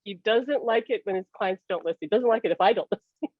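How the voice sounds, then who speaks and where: A woman speaking as a psychic medium guest, telling personal stories in an animated way, laughing often and acting out the dialogue she recounts. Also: mid-range voice, quick pace, no echo, phone-quality sound.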